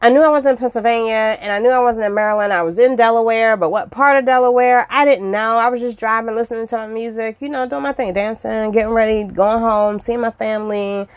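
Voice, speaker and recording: Chatty expressive woman telling stories, dry. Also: on the high side, quick pace, few pauses, dry recording. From Washington, D.C. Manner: expressive, acts out her own past reactions; chatty, with frequent fillers and asides. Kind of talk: casual personal storytelling.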